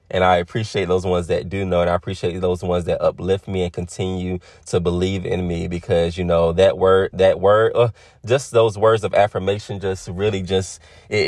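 Heartfelt low-voiced man in his twenties. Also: little pitch movement, normal speed, darkish tone, dry recording, clean studio sound. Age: 20s. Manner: heartfelt, addresses listeners as y'all. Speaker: podcast host. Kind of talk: reflective monologue.

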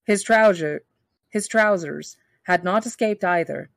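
A woman reading a novel aloud for a book club, steady and now and then correcting herself. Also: fairly low pitch, unhurried, creaky, dry recording.

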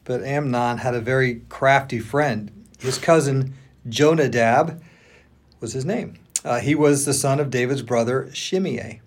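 A man co-hosting a podcast, reading scripture aloud in even narration and voicing the speakers lightly. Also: mid-range voice, unhurried. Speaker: podcast co-host.

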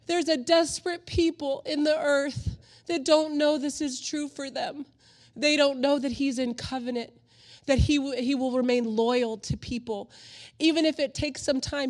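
Earnest, emotional woman pastor preaching. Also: on the high side. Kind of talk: sermon.

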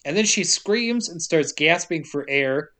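A man casually recapping a horror movie for laughs, swearing and acting out the characters' lines in quick bits. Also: fairly high pitch, lively intonation, bright, forceful tone. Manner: profane, joking, acts out characters' lines. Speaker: podcast co-host.

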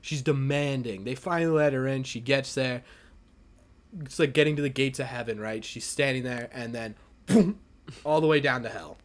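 A man hosting a podcast, telling a story in a casual, animated and profane way and acting out the people in it. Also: medium pitch, normal speed. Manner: animated, profane, retells scenes with quoted voices. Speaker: podcast host.

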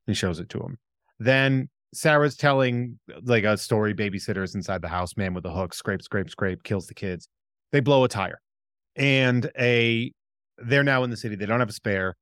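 Excitable man recapping a movie plot. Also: medium pitch, dry recording, studio quality. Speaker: podcast co-host. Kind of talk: casual podcast chat.

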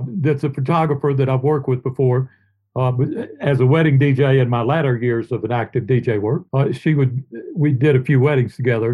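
A man's voice: medium pitch, phone-quality sound. Older man telling rambling stories. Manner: rambling, warm anecdotes, sings made-up tunes. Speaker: guest. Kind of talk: casual storytelling interview.

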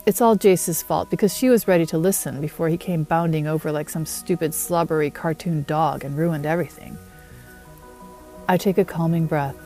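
Mellow-voiced woman reading fiction. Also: low voice, normal speed, soft background music. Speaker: author reading her novel. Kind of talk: first-person novel reading.

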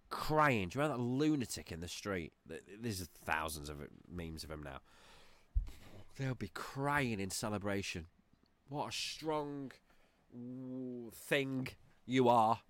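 Bright, animated man ranting. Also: medium pitch, dry recording. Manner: profane, rambling, mocking. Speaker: podcast host. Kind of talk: ranting podcast monologue.

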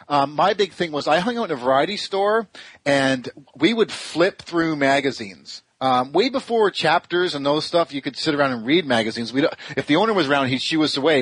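Casting note: male podcast host, slightly high husky voice, dry close sound, rambling storyteller. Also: no echo. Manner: rambling, animated storytelling with restarts. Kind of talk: casual chat.

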